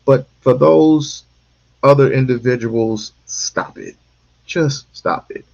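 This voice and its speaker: A man's voice: medium pitch, slow, gravelly, a little mellow, muffled recording. A man hosting a casual commentary stream, talking emphatically and repeating himself for stress. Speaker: stream host.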